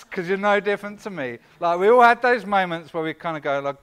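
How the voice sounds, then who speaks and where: Male pastor with a high voice, preaching informally and teasing his flock. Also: very animated, a little fast, few pauses, a bit bright. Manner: chatty, self-deprecating, with frequent fillers and asides to the congregation. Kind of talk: conversational sermon. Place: church.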